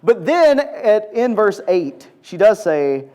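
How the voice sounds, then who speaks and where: A man's voice: high-pitched, slow pace. A man teaching a conversational Bible lesson to a group in a large church room, asking the audience questions and acting out quotes. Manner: animated, asks the audience questions, acts out quotes.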